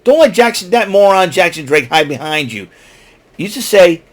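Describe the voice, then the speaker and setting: A man's voice: sits high, sing-song, moderate pace. A man hosting his own podcast, recapping a show in a casual, rambling, opinionated way, mocking the people he talks about. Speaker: podcast host.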